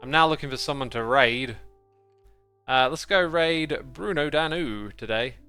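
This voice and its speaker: A man's voice: mid-range voice, a little slow, pushed and bright, smooth, no echo, faint music behind. A man with a British accent chatting casually and playfully on a game livestream, joking along with the chat he reads out. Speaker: game streamer.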